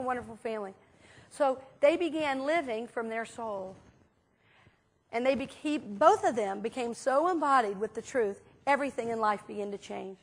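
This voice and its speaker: A woman minister giving a conversational sermon, telling stories in a chatty, animated way with many fillers. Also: high-pitched. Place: church sanctuary.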